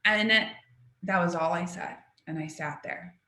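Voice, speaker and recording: A young adult woman giving an animated storytelling talk, acting out the people in her stories. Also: fairly low pitch, measured pace. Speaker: speaker at a talk, intuitive. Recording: echoey room.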